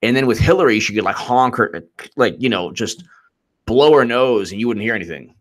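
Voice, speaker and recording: A man's voice: mid-range voice, lively intonation, brisk. A man hosting a live-streamed political commentary show, rambling and mocking as he laughs often.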